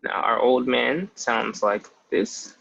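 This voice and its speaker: A young man in his twenties, a language teacher, gives a patient, casual, explanatory lesson sprinkled with frequent "like" fillers. His mid-range voice is slow and creaky, and the recording is very noisy with the highs cut off.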